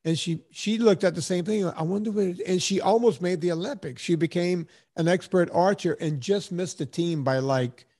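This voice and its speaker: This podcast host, a man in his fifties, has a high-sitting voice with a darkish tone, talking at normal speed with few pauses. His storytelling is rambling and casual, and he acts out the voices of those he quotes.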